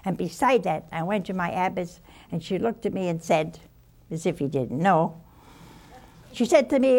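With a fairly low-pitched, animated voice, an elderly nun shares personal stories in a relaxed spiritual talk. She's folksy and unhurried, sighing and adding soft asides.

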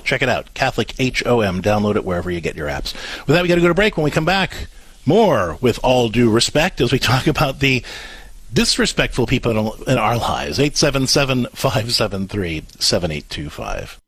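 A man's voice: medium pitch, very animated, fairly quick, fairly bright tone, slightly rough, no echo. A man co-hosting a call-in radio show, earnestly coaching a parent step by step and acting out what to say.

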